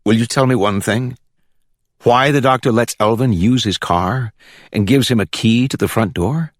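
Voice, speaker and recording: A man's voice: medium pitch, moderate pace, no room sound, clean studio sound, pitched above the performer's own voice, lightly acted. A man voicing a tough woman officer who presses a suspect with coaxing questions, in a storybook reading. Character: probing, streetwise woman officer.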